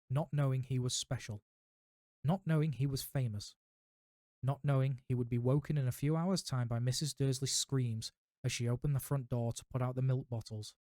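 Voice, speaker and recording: A man's voice: medium pitch, warm tone, dry recording. Man reading a storybook aloud, dry and close. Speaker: livestream reader. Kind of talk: reading a book aloud on a livestream.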